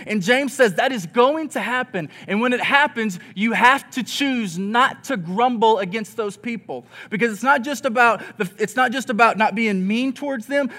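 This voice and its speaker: A pastor with a notably high voice delivers a sermon in a relaxed, conversational way. He slips into the voices of grumbling people to make his point, and his delivery stays earnest and expressive throughout.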